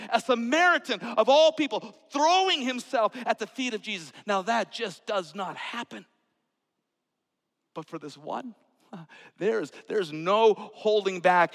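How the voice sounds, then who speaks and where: High gravelly preacher in a reverberant hall. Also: male voice. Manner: dramatic swings from soft whispers to loud outbursts. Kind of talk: sermon.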